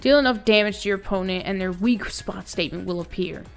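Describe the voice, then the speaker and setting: A woman's voice: mid-range voice, fairly quick, soft background music. A woman streaming a game live, laughing, swearing and reading the tutorial text aloud. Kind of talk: live let's play commentary.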